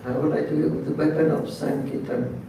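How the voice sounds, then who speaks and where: A man giving a devotional sermon as a slow story, often clearing his throat and repeating words, recorded from a distance in a very echoey hall. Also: fairly high pitch, flat delivery. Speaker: speaker telling a devotional story. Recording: very echoey hall, distant mic, faint noise.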